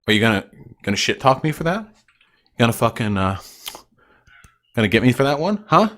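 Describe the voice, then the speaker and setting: A man's voice: mid-range voice, big pitch swings, normal speed, a bit bright. Profane, ranting young male streamer. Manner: profane, combative, mocking. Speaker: livestream host. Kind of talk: ranting livestream chat with viewers.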